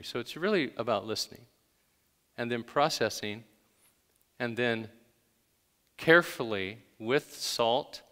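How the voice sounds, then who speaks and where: A man's voice: mid-range voice, sharp tone, big-room sound. A man preaching a sermon in a conversational way, with sudden emphatic bursts. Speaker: pastor.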